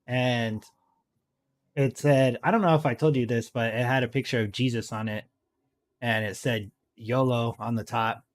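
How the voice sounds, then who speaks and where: A man's voice: medium pitch, fairly even intonation, normal speed. A young man co-hosting a podcast in casual chat, often laughing through what he says. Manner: giggly, laughs through his lines. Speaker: podcast co-host.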